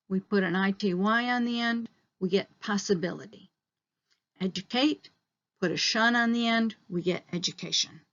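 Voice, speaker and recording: A woman teacher in a recorded online lesson, walking through each point step by step and slowing down on the key terms. Her voice sits at a middle pitch. The audio is slightly dull.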